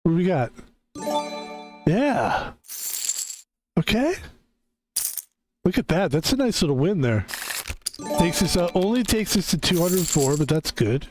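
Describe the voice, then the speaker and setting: A man chats casually while he streams a game, his voice pitched a little high. He rambles and yawns, leaning on "like" again and again. Game music plays clearly underneath him. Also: very animated, moderate pace, pauses often. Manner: rambling, filler-heavy, tired and yawning. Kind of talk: casual gaming stream chat.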